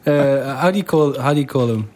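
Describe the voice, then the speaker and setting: Guy co-hosting radio, mid-pitched voice, halting and hesitant. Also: a little mellow. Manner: hesitant, halting with fillers and restarts. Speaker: radio co-host. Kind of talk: casual radio chat.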